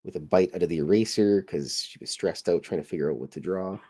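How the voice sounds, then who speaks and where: Chatty low-voiced man, rambling host. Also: fast talker, warm tone, slightly rough. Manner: rambling, chatty, self-deprecating. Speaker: show host. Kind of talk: casual livestream chat while drawing.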